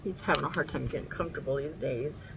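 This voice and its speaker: A woman's voice: low-pitched, fast, creaky, background noise. A woman chatting casually through a makeup tutorial at home, rambling and swearing now and then. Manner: talks sweetly to her dog. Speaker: makeup vlogger.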